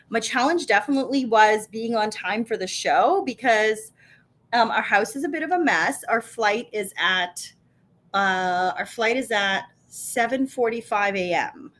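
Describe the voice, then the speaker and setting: This woman, a co-founder and live show host, runs a casual live stream from her home kitchen. Her voice sits on the high side with a fairly bright tone, and she chats upbeat, full of fillers and restarts.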